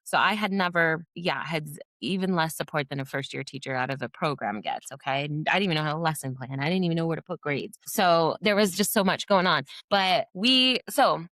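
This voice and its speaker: A woman's voice: low voice, brisk, few pauses, no room sound. A middle-aged woman, a former teacher, telling stories in a podcast interview, animating them with quoted voices. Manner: animated storyteller who acts out quoted voices. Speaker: podcast guest, former teacher and behavior specialist. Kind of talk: conversational storytelling in a podcast interview.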